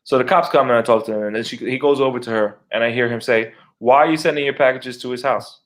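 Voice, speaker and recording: Co-hosting a podcast, this middle-aged man fires off a lengthy neighbor tale at a fast clip in his mid-range voice. He's loose, foul-mouthed and lively, performing how he reacted along the way.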